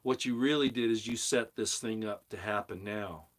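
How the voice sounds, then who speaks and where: A man's voice: lowish voice, normal speed. Heated preachy man ranting. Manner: heated, preachy, emphatic repetition. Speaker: commentary channel host. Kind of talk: opinionated monologue.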